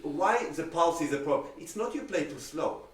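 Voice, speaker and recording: Cello teacher, male, Israeli accent, lively explainer, recorded off-mic in an echoey room. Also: fairly high pitch, moderate pace. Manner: animated, uses everyday comparisons and acted-out examples. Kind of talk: masterclass critique. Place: room on a video call. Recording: roomy sound, distant from the mic.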